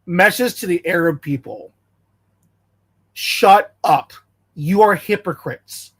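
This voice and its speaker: A man's voice: sits high, animated, slow, fairly bright tone, breathy edge. Blunt, ranting American man. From United States. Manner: blunt, confrontational, repeats himself for emphasis. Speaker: commentator reacting to a video. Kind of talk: heated casual rant.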